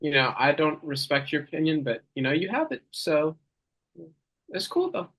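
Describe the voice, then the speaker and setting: A young man answering absurd questions in a mock interview, with a rambling, halting, mock-serious manner. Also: a little high, fairly bright tone, rough recording.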